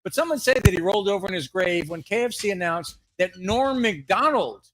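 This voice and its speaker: A man's voice: sits high, lively intonation, brisk, noisy background. A man co-hosting a live comedy fake-news segment, rambling through jokes and laughing at his own gags. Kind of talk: mock newscast banter.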